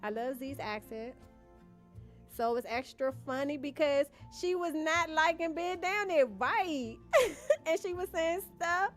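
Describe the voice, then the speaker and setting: Speaking at a measured pace in an expressive, high voice, a young woman streams a game and chats with her audience. She thinks out loud, addresses the chat as "y'all," and faint game music can be heard behind her.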